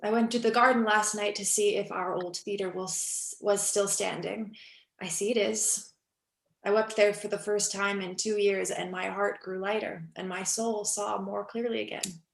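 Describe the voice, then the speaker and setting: A woman reading the part of a weary, heartsick young actress in a cold reading over a video call, wistful and shifting between hushed and urgent. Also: mid-range voice, steady tone, normal speed, gravelly, lightly acted. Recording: echoey room on a video call.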